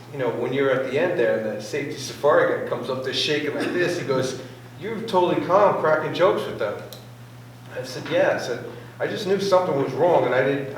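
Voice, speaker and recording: A man telling a casual racing anecdote to a club meeting, acting out quotes and sound effects as he goes. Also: mid-range voice. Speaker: club member sharing a racing story. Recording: very echoey room, voice far from mic, faint noise.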